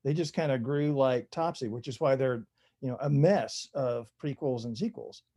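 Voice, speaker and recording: An older man, an author, telling stories from his career in a relaxed, rambling interview manner with many fillers. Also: mid-range voice, normal speed. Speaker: author guest. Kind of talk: conversational interview storytelling.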